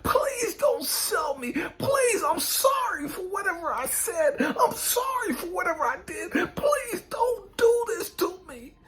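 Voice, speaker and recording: A man's voice: extremely high pitch, sing-song, slow pace, few pauses, fairly bright tone, heavily acted. A man crying out as young Joseph, pleading in despair. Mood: desperate pleading.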